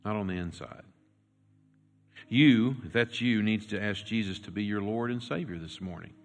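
A man preaching a sermon as pastor, telling a story and swinging from loud, urgent lines to hushed, quiet ones. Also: on the low side, moderate pace. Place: church sanctuary. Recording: long reverb with faint music.

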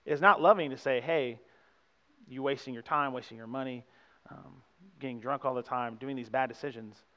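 A man's voice: mid-range voice, normal speed, a bit bright. Young man preaching in an echoing hall. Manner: conversational preaching with frequent "right?" asides. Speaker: pastor. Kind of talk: sermon. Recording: dull sound with long hall reverb.

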